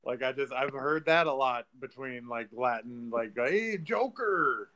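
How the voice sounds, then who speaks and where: Animated man acting out movie scenes. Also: medium pitch, normal speed. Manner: animated, acts out quotes, laughs and swears. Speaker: podcast co-host. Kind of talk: casual movie review chat.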